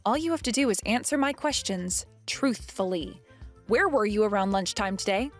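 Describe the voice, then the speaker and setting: A woman's voice: mid-range voice, lively intonation, moderate pace, soft background music, natural voice. A woman voicing a young pregnant wife who firmly confronts her mother-in-law in a dramatized text-message story. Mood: accusing. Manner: firm, demanding answers.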